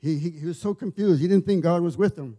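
A man giving an informal church sermon, telling stories in a halting way, often repeating and restarting his words. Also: sits high, dark tone. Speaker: lay preacher. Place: church service.

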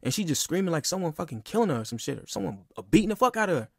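A man's voice: fairly high pitch, sing-song, very fast, vocal fry, breathy edge, dry recording, clean studio sound. A man in his twenties venting in a casual, emphatic, profane monologue that keeps circling back on itself. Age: 20s. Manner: emphatic, profane, repeats himself. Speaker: podcast guest.

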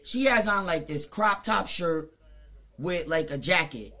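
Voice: mid-range voice, animated, unhurried, pushed and bright. Blunt, profane Jamaican storyteller. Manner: profane, blunt, rambling with frequent fillers; mimics other people in short quoted asides. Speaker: streamer. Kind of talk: casual storytime rant.

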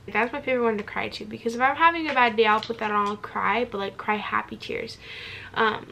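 A woman's voice: a little high, fairly even intonation, a little fast, vocal fry, pushed and bright, highs cut off, slight background noise. A young woman chatting casually while doing her makeup, candid and laughing, swearing freely. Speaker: beauty vlogger.

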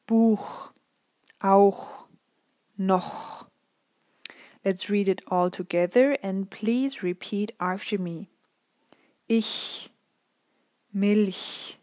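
A woman teaching pronunciation, saying example words slowly and carefully and repeating them for the learner. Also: lowish voice, darkish tone, dry recording, studio quality. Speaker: language teacher. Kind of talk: pronunciation lesson.

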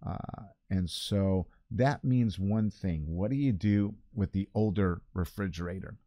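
A man's voice: low voice, measured pace, warm tone, no echo. An older man, a pastor, talking casually from his church office in a rambling, chatty way. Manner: rambling, chatty, self-correcting. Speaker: pastor hosting a weekly video segment. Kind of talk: casual chat.

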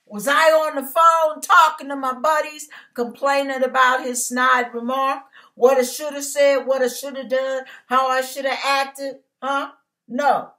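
Woman, home-recorded online preacher; slow, bright delivery with a preaching cadence. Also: high-pitched. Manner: animated, emphatic, repetitive preaching cadence. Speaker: online Christian teacher. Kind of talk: testimony preaching. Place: her living room. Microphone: computer mic.

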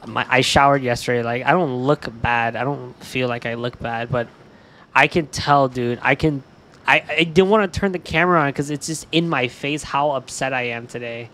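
A man's voice: mid-range voice, moderate pace. Downcast young man streamer, swearing, mumbling. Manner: swears a lot, says "dude", often trails off quiet. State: upset and stressed. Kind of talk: casual stream chat while gaming.

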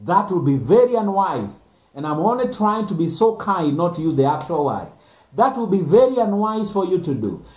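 A man's voice: sits high, sing-song, normal speed, a little mellow. A man, a pastor giving an earnest sermon message, repeating phrases for emphasis. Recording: echoey room.

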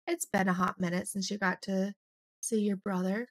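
A young woman, slightly hoarse, chatting and rambling through a let's play of a life-sim game. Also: medium pitch, level tone, moderate pace. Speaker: gaming YouTuber.

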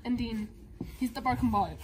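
A woman's voice: on the high side, moderate pace, background noise. A woman casually retelling a story while she draws, giggling and rambling with many restarts. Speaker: vlogger narrating a drawing.

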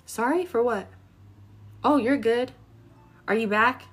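A husky, slightly high voice speaks slowly here. It's a young woman in her twenties reading tarot on a casual live stream, rambling to viewers with plenty of filler words.

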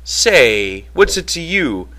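A man's voice: a little high, big pitch swings, takes it slowly, sharp tone, pitched above the performer's own voice, exaggerated voice. Man doing George, a wary ranch worker. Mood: guarded. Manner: rough rural talk, guarded. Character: wary dreaming male ranch worker, guarded.

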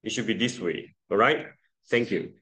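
A man's voice: lowish voice, animated, moderate pace, sharp tone. A man teaching English pronunciation to a class, patiently drilling vowel sounds and calling on students. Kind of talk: classroom lesson.

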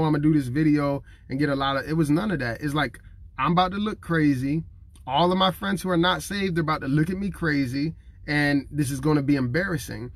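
A dry recording catches a man in his thirties with a fairly high voice preaching straight to camera. Earnest and chatty, he acts out what others have said, emotional and close to tears.

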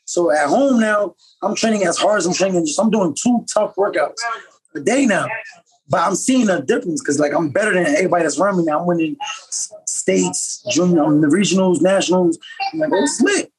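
Fast-talking husky man from upstate New York. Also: sits high, rough recording. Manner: fast, slangy, animated storytelling. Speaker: podcast guest, professional boxer. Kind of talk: casual storytelling.

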